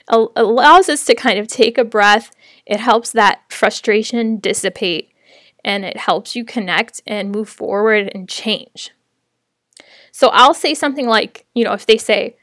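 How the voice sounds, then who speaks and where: A woman's voice: medium pitch, a bit bright, dry recording, clean studio sound. A woman sharing practical tips on teaching online, in a friendly, conversational way with light laughs. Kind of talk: casual teaching tips to camera.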